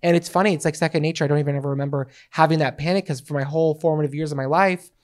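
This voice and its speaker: A man's voice: a little high, very fast. Theatrical young man telling stories. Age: 20s. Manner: theatrical, animated storyteller; cheeky, playful joking. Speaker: podcast co-host. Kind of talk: casual podcast chat.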